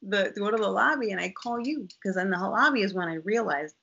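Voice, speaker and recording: A woman guest telling a personal story in a casual, animated way, acting out what people said. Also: mid-range voice, brisk, vocal fry, breathy edge. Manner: animated, lively, acts out quotes in other voices. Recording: dull lo-fi sound.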